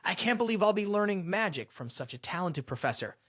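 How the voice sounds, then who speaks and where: Excitable young male student, narrator reads him, curious, animated. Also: mid-range voice, a little fast, no room sound, studio quality. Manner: awed and questioning.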